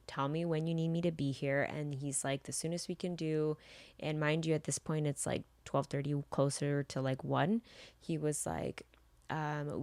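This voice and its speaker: A woman's voice: low voice, a little mellow, dry recording. A young woman hosting a podcast, telling a personal story in a casual, rambling way with many fillers. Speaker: podcast host.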